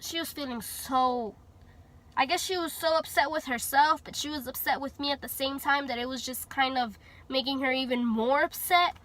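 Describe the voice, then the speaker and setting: A woman's voice: sits high, steady tone, moderate pace, a bit bright. A young woman from Texas telling a personal story in a chatty way, full of fillers and acted-out dialogue. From Houston, Texas. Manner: chatty, many fillers, acts out quoted dialogue. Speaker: vlogger telling her story. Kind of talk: casual storytelling.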